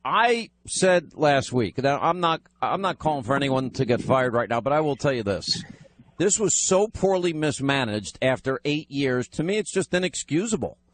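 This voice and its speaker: A man hosting a call-in radio talk show, speaking briskly and emphatically. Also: mid-range voice, sing-song, slight background noise.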